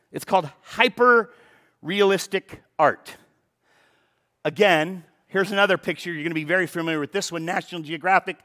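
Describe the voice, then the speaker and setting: A man with a fairly high-pitched voice preaches a sermon as a pastor. His delivery is animated, full of rhetorical questions, and he repeats words as he starts his sentences.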